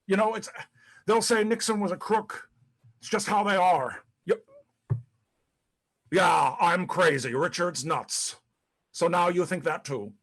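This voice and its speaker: A man's voice: sits high, measured pace, long pauses, a bit bright, heavily acted. A man playing a paranoid old ex-president. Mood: self-pitying, bitter. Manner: profane, rambling, stammers with repeated words. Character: disgraced older male ex-president, paranoid, bitter, self-pitying. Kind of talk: dramatic monologue.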